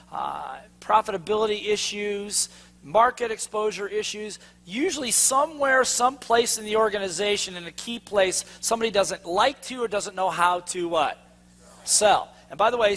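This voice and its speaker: A sales trainer gives a seminar to a live audience, quizzing them with fill-in-the-blank questions. His voice is high-pitched and fairly bright, and the recording has a long hall reverb.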